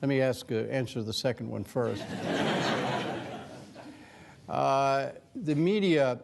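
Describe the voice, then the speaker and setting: An older man, a former news anchor, speaking as a guest author at a Q&A, conversational with many restarts and lively quoted asides. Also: mid-range voice, takes it slowly, creaky, a little hiss or hum. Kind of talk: lecture Q&A talk.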